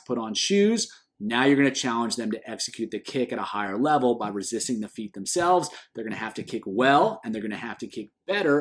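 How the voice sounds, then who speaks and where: A man who is a swim coach, explaining training drills in an instructional video with an emphatic delivery that rises on each list item. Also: medium pitch.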